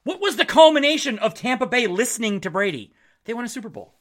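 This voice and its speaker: Blunt podcast guy, bright voice that goes all over the place, swears a lot. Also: extremely high pitch, fast talker. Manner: animated, blunt, swears freely, acts out quotes. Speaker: podcast host. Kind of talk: casual sports commentary.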